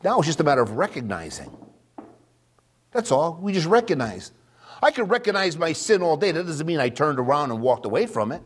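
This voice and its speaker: Male preacher, sermon delivery, animated rising and falling pitch, loud emphatic readings, hushed asides. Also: brisk, breathy edge.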